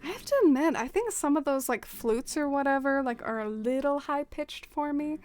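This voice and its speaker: A woman's voice: high voice, lively intonation, normal speed, darkish tone. A woman streamer chatting casually while playing, thinking aloud and answering her chat. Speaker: game streamer. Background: faint guitar game music.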